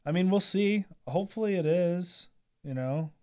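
Hesitant man with a smooth voice. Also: high-pitched, normal speed, mellow, no echo, studio quality. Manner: hesitant, many fillers. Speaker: guest salesperson. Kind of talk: casual chat.

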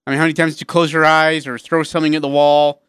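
A male sports radio co-host with a fairly high voice, chatty and quick to laugh. The studio sound is dry and close, with no room echo. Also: flat delivery, fairly bright tone, smooth. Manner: joking, laughs easily.

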